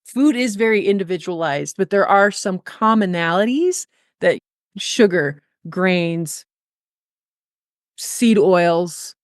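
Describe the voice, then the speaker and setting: A woman's voice: fairly low pitch, lively intonation, slow pace, dry recording. Woman on a podcast, blunt and emphatic, cusses casually, dry close sound. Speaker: guest, nutrition coach.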